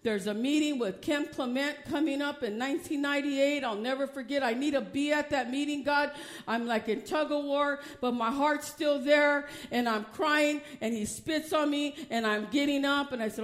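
A woman preaching a personal testimony, swinging from hushed storytelling to loud, emotional preaching. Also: sits high, moderate pace. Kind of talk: testimony sermon.

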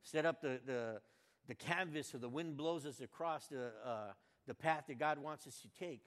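A man's voice: on the high side, normal speed. Older man preaching folksy, in a reverberant hall. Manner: folksy and conversational, swinging between loud fervent outbursts and quiet musing. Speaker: Bible reader and preacher. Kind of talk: informal devotional Bible reading and reflection.

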